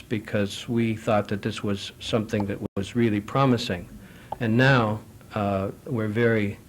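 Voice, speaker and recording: Speaking with a lowish voice over a little hiss or hum, a middle-aged man responds to audience questions at a foreign affairs forum. His answers are measured and anecdotal, broken by frequent restarts.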